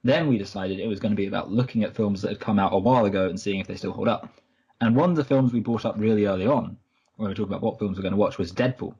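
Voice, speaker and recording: A man co-hosts a film podcast, chatting casually and rambling through stories while correcting himself. His voice is lowish, mellow and husky, and he talks very fast. The recording sounds muffled.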